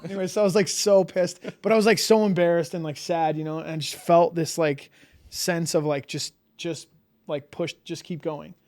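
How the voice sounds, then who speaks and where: A man with a fairly high voice talks as a podcast guest. He spins a long, casual story, packed with "like" fillers, and acts out his own reactions along the way. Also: steady tone, moderate pace, darkish tone.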